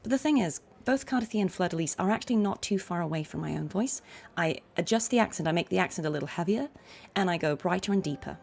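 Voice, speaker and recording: A woman's voice: lowish voice, animated, fast, vocal fry. A woman with a neutral RP English accent chatting as a voice actor while streaming a game, laughing often. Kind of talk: casual stream commentary.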